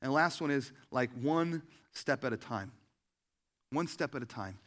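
A man's voice: animated, normal speed, fairly bright tone. A man giving a conversational sermon, full of fillers and rhetorical "right?" questions, sometimes acting out quoted voices. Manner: acts out quoted voices with big jumps in pitch and volume. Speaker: pastor.

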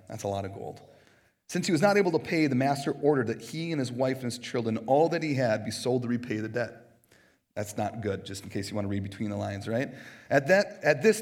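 A man preaching a sermon in a casual, conversational way, heavy on fillers, moving between hushed reflection and emphatic, animated questions. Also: mid-range voice. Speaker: pastor.

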